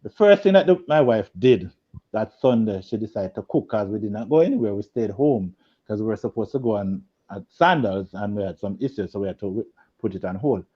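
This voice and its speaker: Man, animated storyteller, muffled video-call sound. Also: fairly low pitch, a little fast, breathy edge. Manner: animated storyteller, laughs a lot, acts out quotes loudly. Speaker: guest. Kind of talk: storytelling in a group video chat.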